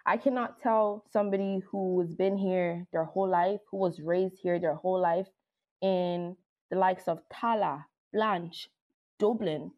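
A woman's voice: on the low side, fairly even intonation, unhurried, lo-fi sound. A woman musician speaking emphatically and forthrightly as a guest in a podcast discussion.

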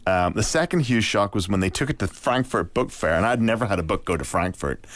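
A middle-aged novelist from Ireland, telling an animated story in an interview and acting out the voices of others. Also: male voice, lowish voice, fairly quick. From Northern Ireland. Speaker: novelist guest.

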